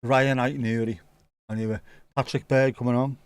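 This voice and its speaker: A man's voice: medium pitch, flat delivery, normal speed, smooth, no room sound. A man casually commenting on a football match for a live watchalong, joking and reading out viewer comments. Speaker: watchalong host.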